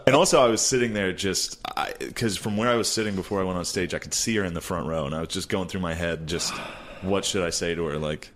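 A man's voice: sits low, quick pace, a bit bright. A man, a stand-up comic, telling crude stories in casual podcast banter and acting out what people said. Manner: crude, storytelling, acts out quotes.

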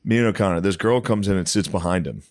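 A man's voice: sits low, fast, no echo, studio quality. A man telling crude, profanity-laden stories in casual chat, often laughing.

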